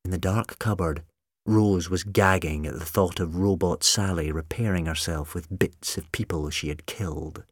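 A man reading a story aloud in measured, softly tense scripted narration. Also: deep voice, breathy edge, no room sound, studio quality. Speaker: audiobook narrator.

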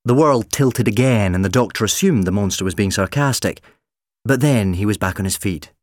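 A man narrating an audiobook with expressive storytelling. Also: on the low side, moderate pace, no echo, clean studio sound. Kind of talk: scripted narration.

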